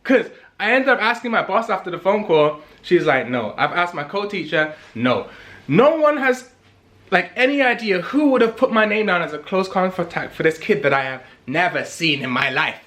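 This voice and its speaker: Animated young man telling a story. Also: high voice, moderate pace. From England. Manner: animated, emphatic, repeats lines for effect. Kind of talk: casual storytelling vlog.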